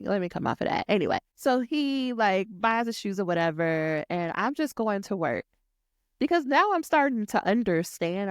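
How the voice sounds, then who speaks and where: A woman, hosting a podcast and telling a personal story in a lively, chatty way, acting out what others said. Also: mid-range voice, clean tone, dry recording, clean studio sound. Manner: animated, talks to listeners as y'all, acts out quotes. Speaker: podcast host. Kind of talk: storytelling monologue.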